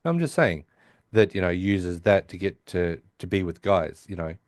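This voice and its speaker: A man's voice: low voice, lively intonation, moderate pace, dry recording, clean studio sound. A man co-hosting a podcast who recaps a sitcom episode in a rambling, hesitant way. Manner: rambling, hesitant, with many fillers and restarts. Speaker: podcast co-host.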